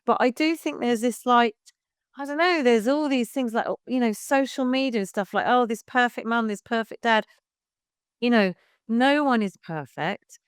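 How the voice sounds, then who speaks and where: A woman's voice: a little high, animated, moderate pace, clear, resonant tone, dry recording, clean studio sound. A woman in her fifties, a baby music class leader, chatting frankly as a podcast guest and swearing casually. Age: 50s.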